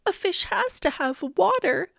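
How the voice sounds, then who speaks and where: A woman's voice: very animated, measured pace, a bit bright, no room sound, studio quality, exaggerated voice. A woman doing a frantic little boy. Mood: urgent. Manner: high-pitched, pleading and frantic. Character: excited little boy, pet fish owner.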